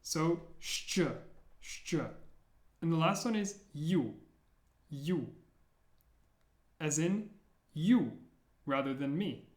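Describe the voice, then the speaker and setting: A man teaching the sounds of an alphabet, repeating each one slowly and clearly, with playful memory tricks. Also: fairly high pitch, animated, reverberant. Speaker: language teacher. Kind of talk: slow, deliberate pronunciation lesson.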